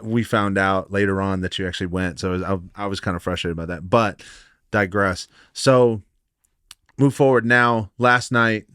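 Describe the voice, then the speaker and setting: A man hosting a podcast, relaxed and casual, asking questions and saying dude often. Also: on the low side, normal speed, clean tone, no room sound, clean studio sound. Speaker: podcast host. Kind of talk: casual chat.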